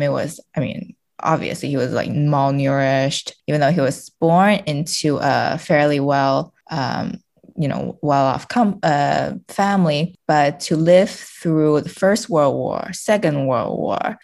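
A woman's voice: sits low, gravelly. A woman from China, a guest on a podcast, talking casually with lots of fillers and restarts. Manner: chatty, many fillers and restarts, laughs often.

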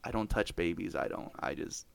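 A man, telling family stories on his podcast in a casual, animated way, swearing and laughing often. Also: deep voice, moderate pace, vocal fry, no echo. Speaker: podcast host. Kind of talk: casual storytelling chat.

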